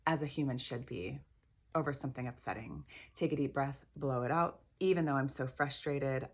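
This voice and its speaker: Low-voiced woman guiding a tapping session. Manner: gentle, encouraging, repeats phrases slowly. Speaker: tapping practitioner.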